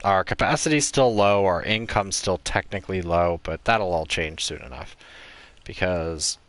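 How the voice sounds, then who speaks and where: A man's voice: deep voice, moderate pace, fairly bright tone, dry recording. A man casually chatting and telling stories while playing a game as a let's play host. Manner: chatty, rambling storyteller. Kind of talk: casual gaming commentary.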